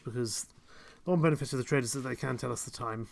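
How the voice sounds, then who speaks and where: A man's voice: mid-range voice, fast, gravelly, noisy background. A young man chatting through a live gameplay stream, rambling and self-mocking, chuckling often. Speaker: game streamer. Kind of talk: casual live gameplay commentary.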